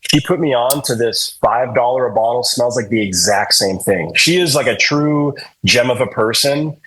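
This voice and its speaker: Husky laid-back man telling stories. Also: mid-range voice, normal speed, a bit bright, rough recording. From New Hampshire. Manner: laid-back, swears freely, lots of fillers. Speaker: podcast guest, musician. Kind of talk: casual storytelling.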